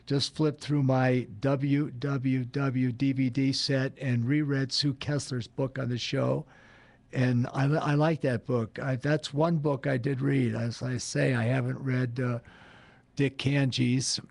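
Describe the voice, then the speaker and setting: An older man hosts a radio talk show with a mid-pitched voice. He rambles casually, trails off, restarts his sentences and tosses in jokes. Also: little pitch movement, vocal fry, darkish tone. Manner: rambling, halting, jokey. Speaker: show host.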